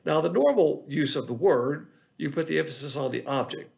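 A man, teaching the Bible in a measured sermon and often repeating his phrases. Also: a little high, expressive, vocal fry, darkish tone. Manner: measured, repetitive teaching delivery.

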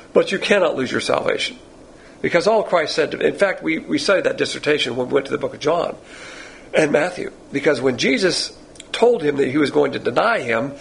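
In a Bible class with listeners present, a man works verse by verse through a passage, folksy, digressive and conversational. His voice is medium-pitched and creaky, and the rough recording carries slight background noise.

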